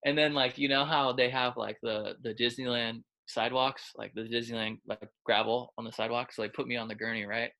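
A man who trains quarterbacks speaks a little fast with few pauses, his mid-range voice flat, creaky, pushed and bright. He shares stories in a casual interview, loose and chatty, laden with fillers, dramatizing quoted lines.

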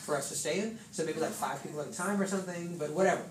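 Fast-talking man telling a testimony. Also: a little high, roomy sound, recorded from a distance, noisy background. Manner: animated storyteller, lots of fillers and acted-out quotes. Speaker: church member sharing a testimony. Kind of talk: casual spoken testimony to a group.

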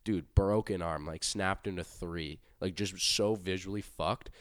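A young man chatting casually, telling rambling, profane stories and acting out quotes with loud bursts. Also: sits low, unhurried, no room sound, studio quality. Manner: profane, rambling storytelling with animated acted-out quotes. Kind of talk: casual podcast chat.

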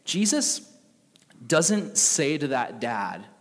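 A man preaching a sermon in a casual, conversational and animated way. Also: a little high, extremely slow. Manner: conversational, animated, with acted quotes. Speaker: pastor. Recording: long reverb of a large hall.

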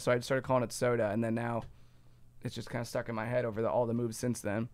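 A man's voice: mid-range voice, level tone, quick pace, a little mellow, no room sound. A man from Ohio with a Midwestern accent, co-hosting a casual chat and explaining things in a rambling, self-correcting way. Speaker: podcast co-host.

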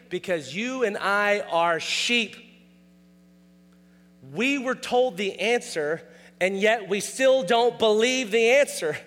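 A man preaching a sermon in a casual, animated way, often acting out quoted dialogue with a raised voice. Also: high voice, big-room sound. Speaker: pastor.

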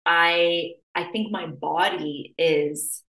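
Young woman podcast host, kinda low voice, super animated, like every other word, roomy echo. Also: very slow. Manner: animated, says "like" constantly, acts out her own inner voice. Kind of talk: casual chat.

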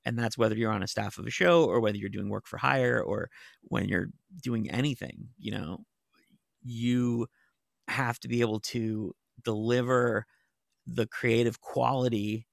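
In a dry, studio-quality recording, a middle-aged man speaks a little slowly in a creaky, medium-pitched voice. A TV writer and novelist, he tells rambling stories in casual conversation, leaning on "like" as a filler and swearing now and then.

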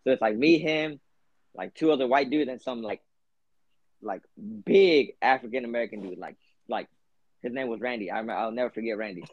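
A man's voice: medium pitch, brisk, no echo. A young man hosting a podcast, telling a long story in a rambling, profane way, full of fillers. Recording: dull lo-fi podcast audio.

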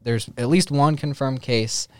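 A man's voice: mid-range voice, measured pace, smooth, dry recording, clean studio sound. A young man from Northwest Missouri co-hosting a casual podcast, laughing often and restarting his sentences. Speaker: podcast co-host.

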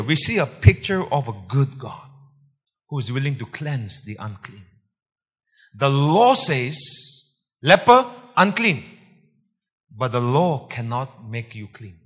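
A man preaching a sermon, emphatic, repeating phrases and swinging loud for stress. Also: medium pitch, breathy edge, big-room sound.

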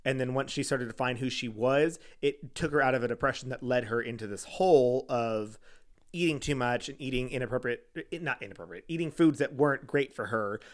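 A man co-hosting a casual podcast chat, talking in a giggly, animated way with lots of laughter. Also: medium pitch, fairly quick. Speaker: podcast co-host. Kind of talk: casual chat recapping a reality show.

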